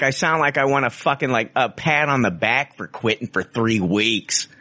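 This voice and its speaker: A man's voice: mid-range voice, normal speed, sharp tone. A man hosting a podcast in casual chat, swearing a lot, rambling and mocking himself. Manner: profane, rambling, self-mocking. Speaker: podcast host.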